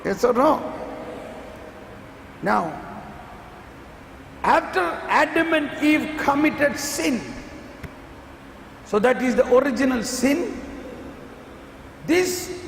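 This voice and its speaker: Male retreat preacher, very high voice with gravel, emphatic sermon, long hall echo. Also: expressive, extremely slow, long pauses. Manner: emphatic, rhetorical questions, acts out dialogue. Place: large church hall. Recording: echoey hall, faint room noise.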